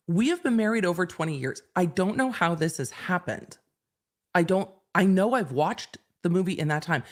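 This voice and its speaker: Low-voiced chatty woman hosting a livestream. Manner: chatty, rambling, quick to laugh. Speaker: livestream host. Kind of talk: casual livestream chat.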